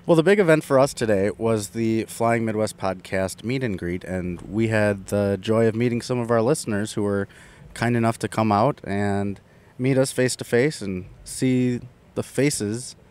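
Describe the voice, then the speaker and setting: Wry man with a lower voice. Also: moderate pace, darkish tone, clear, resonant tone. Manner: wry and joking. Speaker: podcast photographer and co-host. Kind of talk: casual podcast chat.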